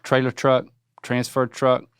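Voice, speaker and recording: A man's voice: mid-range voice, monotone, a little slow, smooth, no echo, clean studio sound. A young man hosting a casual chat, quizzing his father and joking playfully as he rattles off lists. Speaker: podcast host. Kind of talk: casual chat, quiz questions.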